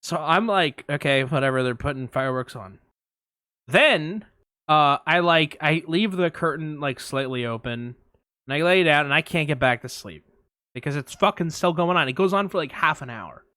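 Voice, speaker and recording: A young man spins an animated, profane story for his podcast co-host, jumping into quoted voices along the way. His voice is bright and pitched a little high. The recording is close and dry. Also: normal speed, dry recording. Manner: animated storyteller, acts out quotes, swears a lot. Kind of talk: casual storytelling chat.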